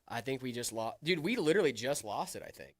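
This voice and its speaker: A man's voice: medium pitch, animated, fast talker. A young man co-hosting a casual live stream, joking and answering viewer chat. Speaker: stream co-host.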